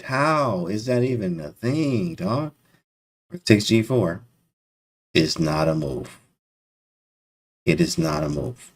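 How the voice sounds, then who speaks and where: A man commentating chess live to his stream chat, excitable and disbelieving, talking in casual slang. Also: fairly low pitch, slow, creaky, long pauses.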